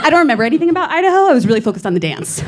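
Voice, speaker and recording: Stand-up comic, young woman, slightly high voice, playful and self-deprecating, laughs through her lines. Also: very animated, rapid-fire, noisy background. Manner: playful self-mocking delivery with frequent laughs. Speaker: stand-up comedian. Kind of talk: stand-up set. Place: comedy club stage.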